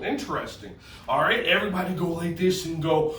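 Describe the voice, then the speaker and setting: A man's voice: sits high, moderate pace. A man teaching a playful yoga stretch lesson for kids, goofy and jokey, in a roomy recording from a distance. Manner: goofy, animated, jokey with children. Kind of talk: playful kids' movement lesson.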